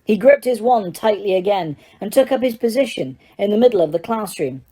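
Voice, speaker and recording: A woman narrating an audiobook in a steady, dramatic storytelling manner. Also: medium pitch, fairly quick. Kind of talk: scripted narration.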